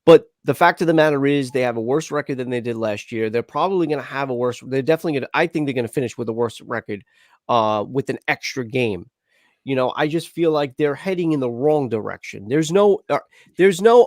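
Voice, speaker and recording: A man's voice: medium pitch, expressive, fairly quick, dry recording, studio quality. A man co-hosting a casual live sports chat, arguing heatedly with frequent restarts. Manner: argumentative, heated, lots of restarts. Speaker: podcast co-host.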